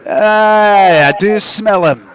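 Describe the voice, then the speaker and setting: A man's voice: sits high, very slow. A man voicing a tiny, foul-mouthed mushroom creature in a tabletop game, swearing and threatening. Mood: grumbling.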